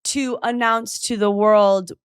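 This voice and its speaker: A woman's voice: medium pitch, fairly even intonation, slow, clean tone, no echo, clean studio sound. Playful teasing woman podcast host. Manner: playful and teasing, laughs a lot, tries British slang. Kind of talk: casual podcast interview.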